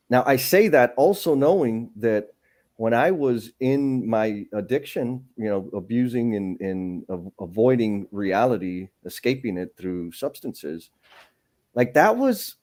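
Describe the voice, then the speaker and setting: A man's voice: medium pitch, darkish tone. A man hosting a live stream, speaking candidly and earnestly about his own past struggles in a reflective, conversational way. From San Antonio, Texas. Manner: candid, earnest, thinks aloud with restarts.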